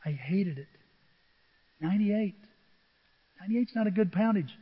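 A middle-aged man preaching a sermon, telling humorous stories with animated asides to the congregation. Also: high voice, unhurried, husky. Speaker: pastor. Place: church sanctuary. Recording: dull reverberant church recording.

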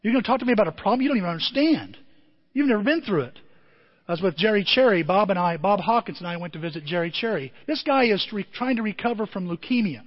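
A man's voice: sits high, fast talker, long reverb tail, lo-fi sound. A male pastor telling a story in a sermon, acting out the people in it. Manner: animated, acts out the people in his stories. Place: church hall.

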